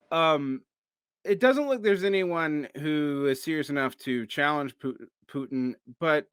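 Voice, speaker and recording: A man's voice: fairly high pitch, fairly bright tone, smooth, dry recording. A man hosting an interview, asking long questions hesitantly, searching for words with frequent ums. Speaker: host.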